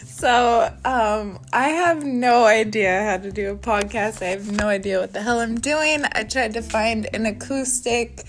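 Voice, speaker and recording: A woman's voice: fairly high pitch, fairly even intonation, unhurried, few pauses. A woman in her thirties hosting a casual podcast from her bedroom, talking in a chatty, candid way and swearing freely. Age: 30s. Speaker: podcast host. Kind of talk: casual chat.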